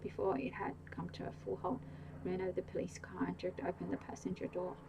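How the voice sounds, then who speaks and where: A woman whispering a bedtime story in a soft, hushed and even way, in a whispered role-play style. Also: lowish voice, a little fast, creaky, background noise. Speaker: audiobook reader.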